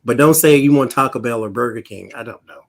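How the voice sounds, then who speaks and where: A man who reads tarot, telling jokey stories in an animated way and laughing often. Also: mid-range voice, quick pace. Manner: animated, joking, frequent laughter. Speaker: tarot reader, guest. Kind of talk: casual chat.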